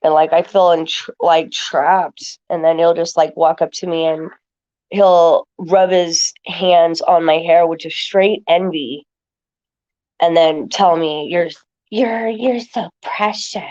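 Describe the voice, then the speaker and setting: A woman's voice: low-pitched, level tone, takes it slowly, a little mellow, dull audio. A woman streaming to her viewers, talking loosely and rambling, with lots of filler words as she answers chat. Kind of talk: casual rambling talk to viewers.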